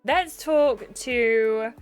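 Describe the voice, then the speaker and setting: A young woman reading a dating game aloud with excitable, gushing commentary. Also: on the high side, extremely slow, clean tone, soft background music. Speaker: gaming YouTuber.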